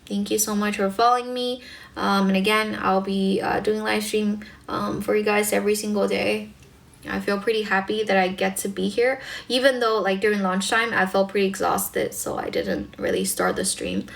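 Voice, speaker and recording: A woman's voice: mid-range voice, vocal fry. A woman hosting a casual livestream as an English speaking tutor, chatting easily with viewers with plenty of fillers. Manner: chatty, relaxed, with many fillers like um and like.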